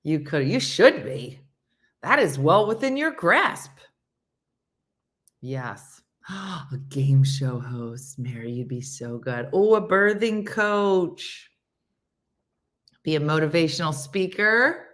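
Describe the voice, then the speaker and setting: A woman hosting a casual live chat and reading viewer comments, playful and animated, slipping into silly high voices and hushed whispers. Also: takes it slowly. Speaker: host.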